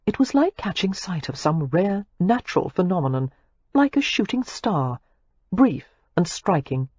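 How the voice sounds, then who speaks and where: A woman narrating a romance audiobook in an expressive, measured storytelling manner. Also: on the low side, husky, no echo, highs cut off.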